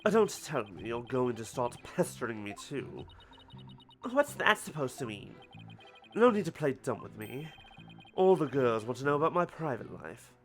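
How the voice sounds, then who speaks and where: A man's voice: medium pitch, big pitch swings, moderate pace, soft background music. A man voicing a pompous, haughty young male student witness while reading a video game aloud.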